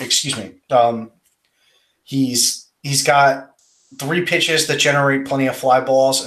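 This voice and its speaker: A man's voice: medium pitch, fairly bright tone. A man co-hosting a podcast in casual chat, with many ums and restarts. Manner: halting, lots of restarts and ums. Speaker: podcast co-host.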